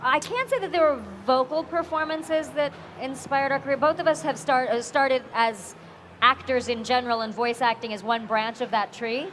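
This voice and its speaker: A woman voice actor answering fan questions at a convention panel, expressive and animated. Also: high-pitched, a little hiss or hum. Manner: animated, expressive, quick to laugh. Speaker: voice actor guest. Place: convention hall.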